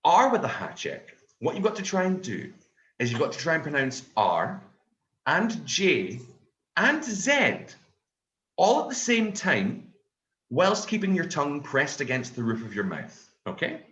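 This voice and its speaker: Scottish man, stand-up comedian, swings his pitch a lot, animated and sweary, echoey room. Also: a little slow, muffled recording. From Scotland. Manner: animated storytelling, swears often.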